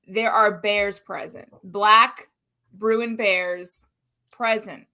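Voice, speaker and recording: Bright, animated, foul-mouthed woman. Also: medium pitch, very slow. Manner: animated, profane storyteller. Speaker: co-host. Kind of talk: casual live-stream chat. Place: Central Florida.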